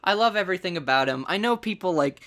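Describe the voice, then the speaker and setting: An excitable podcast host who talks in long, rambling runs and laughs often. The voice sits at a middling pitch, and the talk is loose and casual. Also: fast. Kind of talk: casual chat.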